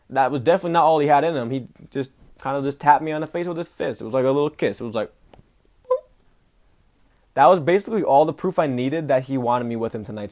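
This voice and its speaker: A young man vlogging, telling a story in a casual, animated way with lots of slang. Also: a little high. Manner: animated, slangy, says "bro" often. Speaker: travel vlogger.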